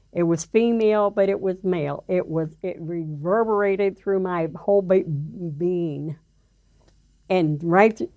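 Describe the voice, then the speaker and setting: An older woman recounting her life in an interview, halting and full of fillers and restarts. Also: fairly low pitch, no echo, phone-quality sound. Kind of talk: personal storytelling interview.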